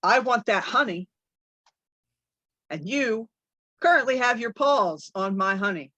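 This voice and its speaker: A woman's voice: fairly high pitch, expressive, unhurried, bright, forceful tone, no echo, heavily acted. A woman voicing a bossy male bear crime boss who talks in a smug, threatening way. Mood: smug threat.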